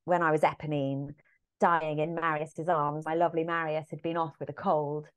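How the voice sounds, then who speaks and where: A woman with an English accent, a musical theatre actress chatting as a podcast guest and telling lively anecdotes, acting out the lines she quotes. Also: sits low, moderate pace. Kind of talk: casual anecdotal chat.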